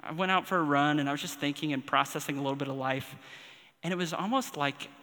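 A man in his forties delivers a sermon in a slightly high, ringing voice. He speaks earnestly and personally, letting pauses build the intensity. The sound carries the long reverb of a large hall. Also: pushed and bright, a little hiss or hum. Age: 40s. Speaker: pastor.

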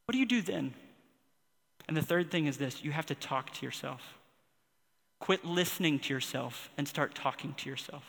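Bright-voiced man preaching in echoing hall. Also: fairly high pitch, expressive, gravelly. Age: 40s. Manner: earnest, personal, builds intensity with pauses. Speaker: pastor. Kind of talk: sermon.

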